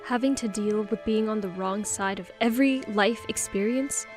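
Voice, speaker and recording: A woman's voice: mid-range voice, moderate pace, music in the background, lightly acted. Woman reading an anguished young trans man. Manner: emotional, pleading and tearful.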